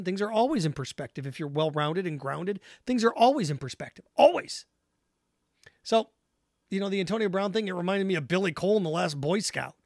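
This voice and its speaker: A man's voice: high-pitched, no echo, clean studio sound. A man hosting a sports talk show, giving solo commentary in an emphatic, opinionated way and repeating his points for effect.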